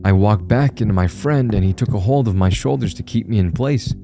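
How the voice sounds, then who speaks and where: A man narrating a scripted horror story in a calm, measured way. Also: lowish voice, vocal fry. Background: soft music.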